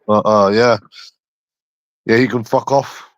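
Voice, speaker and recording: A man's voice: on the low side, steady tone, slow, no room sound, lo-fi sound. A young man from London chatting on a livestream, crude, taunting and repeating himself as he answers viewers. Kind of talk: casual chat answering viewers.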